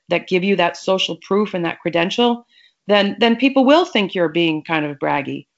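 Woman with a lowish voice coaching on a podcast, kinda muffled lo-fi sound. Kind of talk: conversational podcast interview. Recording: muffled lo-fi audio.

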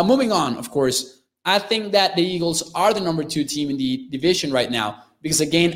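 A young man from northern Mexico with a Mexican accent, hosting a live sports talk show, reading chat comments and often repeating words as he talks. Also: on the high side. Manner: quick, restarts and repeats words, animated. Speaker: sports podcast host.

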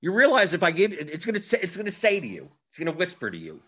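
A man's voice: sits high, huge pitch swings, quick pace, hardly any pauses, pushed and bright. A man giving a casual tutorial on fantasy sports strategy, talking emphatically with frequent restarts.

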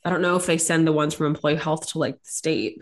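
A woman's voice: deep voice, fairly even intonation, fast talker. A young woman co-hosting a podcast, chatting casually and telling stories with playful voiced quotes. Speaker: podcast co-host. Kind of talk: casual chat.

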